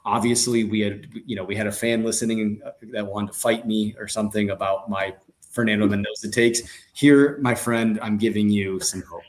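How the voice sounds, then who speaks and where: On a sports podcast, this lowish-voiced co-host chats at normal speed, cracking jokes in an animated way. His speech is full of fillers and frequent restarts.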